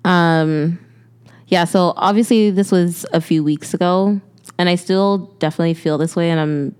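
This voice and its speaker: A young woman co-hosts a casual podcast. Her voice sits low and comes across smooth and clear. She speaks earnestly and haltingly, with frequent fillers. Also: steady tone, darkish tone. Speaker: podcast co-host.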